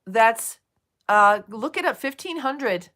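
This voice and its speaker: A woman's voice: a little high, lively intonation, takes it slowly, a bit bright. A woman streaming live, chatting casually with viewers, swearing freely and soothing them by turns. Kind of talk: casual livestream chat.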